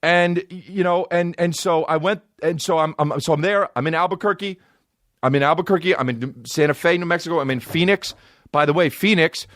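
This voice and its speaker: A man hosting a comedy podcast, ranting in a profane, animated way that swings from loud outbursts to low mutters. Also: fairly quick, dry recording, studio quality.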